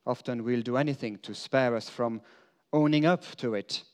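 A man giving a first-person dramatic monologue as an apostle. He tells the story earnestly, moving between emphatic lines and hushed confession. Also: medium pitch, moderate pace, clean tone.

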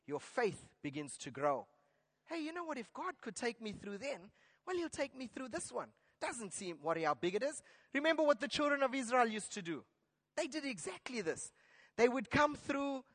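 A man's voice: extremely high pitch, fairly bright tone. A man preaching a sermon, earnest and exhorting, now and then restarting a phrase. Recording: long hall reverb.

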